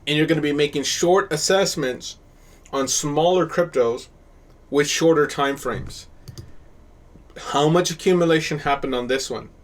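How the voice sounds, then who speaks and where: A man running a live online class on reading charts, with a voice that sits somewhat high. He keeps quizzing his students and pushing them for answers. Now and then he breaks into animated bursts of praise. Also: a little slow. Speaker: crypto chart teacher.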